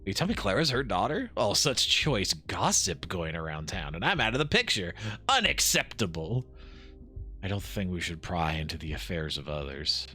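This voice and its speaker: A man streaming a game live, reading the dialogue aloud with quick asides and frequent laughs. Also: low-pitched, big pitch swings, pushed and bright, soft background music.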